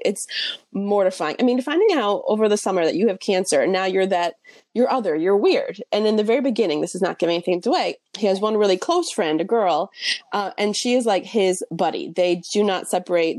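A chatty young woman talks through a book she loved, animated and full of fillers and little self-mocking jokes. Her voice sits mid-range and sounds close and dry, with no room around it. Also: medium pitch, dry recording. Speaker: podcast co-host reviewing books. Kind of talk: casual chat.

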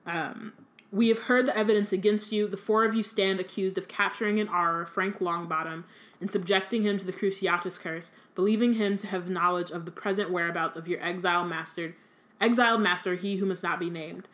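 A woman's voice: lowish voice, steady tone, fairly quick, a bit bright, close to an everyday voice. A woman reading aloud the lines of a stern older male judge in her own voice, formal and severe.

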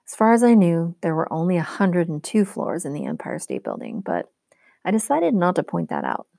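A woman teacher reads a novel aloud, steady and clear in her storytelling. Her voice is low-set and mellow. The sound is dry and close. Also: normal speed, no echo.

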